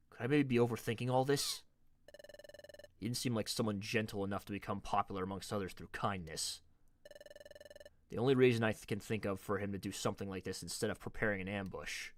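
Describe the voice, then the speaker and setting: A man voicing a serious young male lizard hero in a low, brooding monologue while playing a game. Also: lightly acted. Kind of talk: let's play voice acting.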